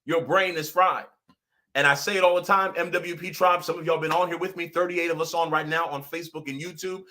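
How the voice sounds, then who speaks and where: A man hosting a casual motivational livestream as pastor and coach, animated, often laughing and repeating his points for emphasis. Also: on the high side, a little fast.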